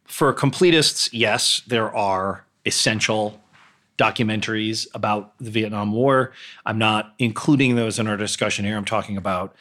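A man on the low side of the pitch range comments on films alone for his podcast, at a moderate pace and in a sharp tone. He's outspoken and opinionated, chatting casually with plenty of hesitations.

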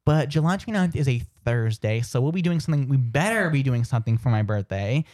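A man's voice: mid-range voice, lively intonation, fast, darkish tone, no room sound, studio quality. A man co-hosting a radio show in casual chat, chatty and teasing, often trailing off and restarting.

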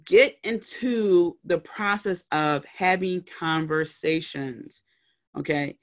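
A woman's voice: on the low side, slow pace. A woman hosting a solo podcast, giving conversational motivational advice and checking in often with her listeners. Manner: conversational, checks in often with "okay?" and "all right?"; acts out little scenes with brief put-on voices. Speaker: podcast host and life coach.

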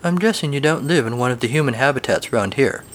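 A man's voice: medium pitch, fast talker, slight background noise, natural voice. A man voicing a laid-back, folksy male stable horse in a storybook tale, with a casual, dry drawl.

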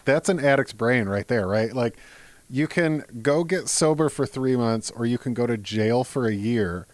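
A man hosting a podcast interview, relaxed, with short reactions and laughs. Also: mid-range voice, normal speed, no echo. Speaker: podcast host. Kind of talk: casual interview.

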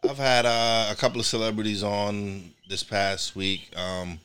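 A man's voice: on the low side, little pitch movement, unhurried, pushed and bright, slight background noise. A man from New York hosting a podcast in casual chat, rambling with many restarts and repeated words. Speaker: podcast host.

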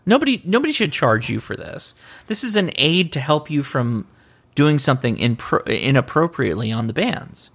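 Podcast co-host, male, gravelly tone, easygoing chat that circles and backtracks. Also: fairly high pitch, big pitch swings, moderate pace, fairly bright tone. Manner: rambling, self-correcting. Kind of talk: casual chat.

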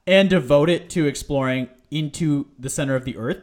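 A man's voice: on the high side, moderate pace, a little mellow. A young man co-hosting a casual podcast, loose and joking, swearing freely. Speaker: podcast co-host.

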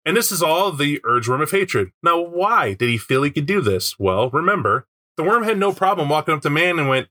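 A man in casual conversation, his voice bright and forceful, a little higher than most men's. He talks in an animated way, often slipping into playful put-on voices to act out what characters say. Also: brisk. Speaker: podcast co-host discussing a tabletop game book. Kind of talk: casual chat.

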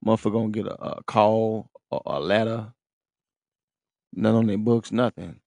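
A man's voice: lowish voice, fairly even intonation, moderate pace, vocal fry, a little mellow, no echo. A man, rambling in a profane, casual street-talk monologue.

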